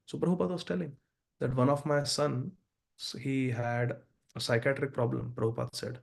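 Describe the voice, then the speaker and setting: Earnest male teacher, mid-pitched voice with a gravelly texture, lecturing to a devotional class. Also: fairly even intonation, brisk. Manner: earnest, addresses listeners directly. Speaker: Bhagavatam class speaker.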